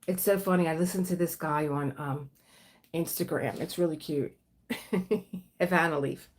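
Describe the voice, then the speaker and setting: A woman's voice: low voice, steady tone, moderate pace, a little mellow. A woman hosting a casual livestream, chatting freely and greeting viewers as they come in. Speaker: livestream host.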